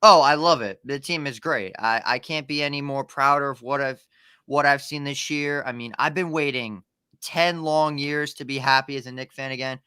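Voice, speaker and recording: Cocky, bright-voiced man on a video call. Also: mid-range voice, normal speed, clear, resonant tone, dry recording, studio quality. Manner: cocky, brutally frank. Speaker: guest sports content creator. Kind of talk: casual sports chat. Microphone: webcam on a video call.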